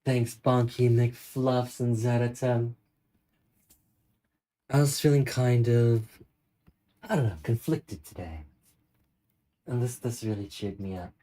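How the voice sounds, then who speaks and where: A young adult streamer from Northern California, with the region's accent, chats casually with viewers and rambles while answering them. The voice is medium-pitched with a dark tone, slow with frequent pauses, and the recording sounds rough.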